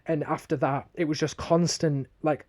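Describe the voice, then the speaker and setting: Co-hosting a casual podcast chat, this young Northern English man recounts a story in a blunt, heavily sweary way. His voice is a little high and slightly mellow, with a steady tone and a moderate pace.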